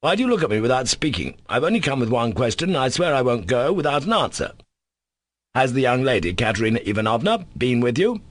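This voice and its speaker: A man's voice: mid-range voice, sing-song, quick pace, no echo, voice pushed up. A man reading an audiobook, voicing an irritated young nobleman who speaks coarsely and demands answers.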